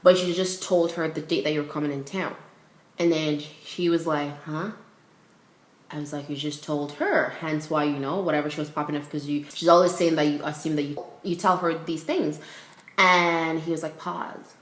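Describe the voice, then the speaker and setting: A young woman telling a casual storytime vlog, animated and laughing as she acts out everyone's lines. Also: deep voice, normal speed, echoey room. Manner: animated, quotes people in voices, laughs a lot.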